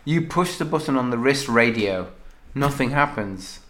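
A man's voice: mid-range voice, animated, normal speed, a bit bright. A man co-hosting a podcast, reading out text-adventure prompts and laughing often as he reads. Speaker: podcast co-host, game reader. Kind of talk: casual podcast chat, reading game text.

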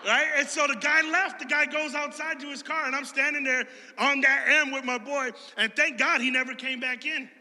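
A man from Chicago preaching a sermon in a church hall, animated and conversational, joking and telling stories to his congregation. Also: very high voice, moderate pace, few pauses. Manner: animated, conversational, jokey storyteller.

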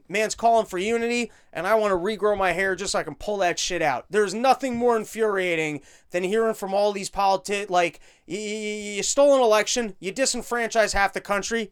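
Man, high voice, smooth clear tone, profane, sarcastic, casual rant. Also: fairly bright tone. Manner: profane, sarcastic, fast-talking. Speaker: podcast host.

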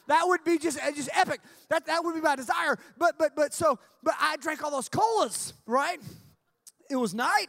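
High-voiced animated male preacher. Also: creaky, no room sound. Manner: animated, jokey storytelling with shouted punchlines. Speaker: youth camp speaker. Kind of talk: sermon with comic storytelling.

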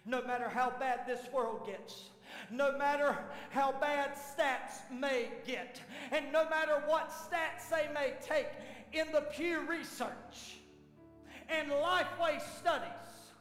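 A man preaching a sermon as lead pastor, dramatic, swinging from shouts down to near whispers. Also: very high voice, slow. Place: church sanctuary. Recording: echoey church hall with faint piano.

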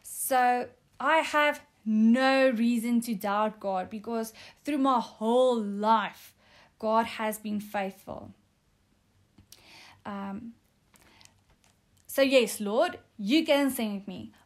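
Earnest woman with a raised pitch, delivering an unhurried devotional testimony. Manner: earnest, with frequent um fillers. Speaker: speaker sharing a testimony.

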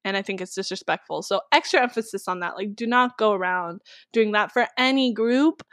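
A woman's voice: medium pitch, brisk, fairly bright tone, no echo. A young woman co-hosting a casual discussion, talking emphatically with lots of "like" fillers. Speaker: co-host.

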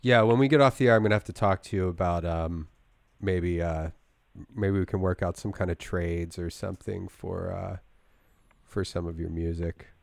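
A man's voice: deep voice, normal speed, creaky, no echo. A man co-hosting a casual podcast, enthusiastic and laughing often as he chats with a guest. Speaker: podcast co-host.

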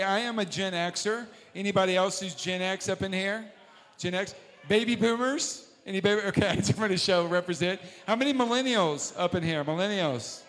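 High-voiced man hosting a live show. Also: fairly bright tone. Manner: joking, chatty. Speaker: host of a storytelling night. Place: live venue with audience. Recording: echoey hall.

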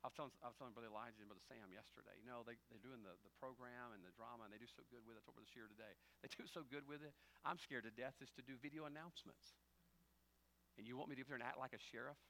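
A male pastor preaching a sermon, telling humorous stories and jumping from quiet asides to loud, high exclamations. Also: rapid-fire. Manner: humorous storytelling with acted dialogue.

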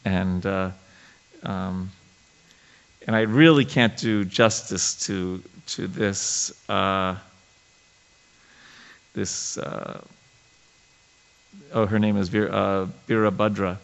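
A man leading a scripture study class, his low voice carrying a gravelly edge. He talks in a halting way, full of fillers and restarts, and reads passages aloud before explaining them. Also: steady tone, poor audio.

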